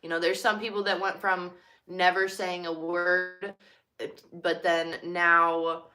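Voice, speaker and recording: A young woman talks casually and openly about her work as a cashier, leaning on fillers like "like" and "you know." Her voice is bright and forceful, set a little on the low side. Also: level tone, takes it slowly, soft background music. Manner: chatty, filler-heavy, heartfelt. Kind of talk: casual personal talk.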